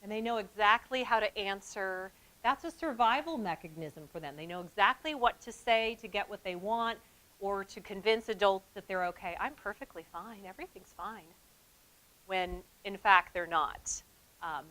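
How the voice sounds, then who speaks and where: Bright-voiced woman giving a trauma training talk. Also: mid-range voice, poor audio. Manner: lively, laughs easily, drops to a soft calm voice. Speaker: trauma program presenter. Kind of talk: training presentation to school staff. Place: event hall with an audience.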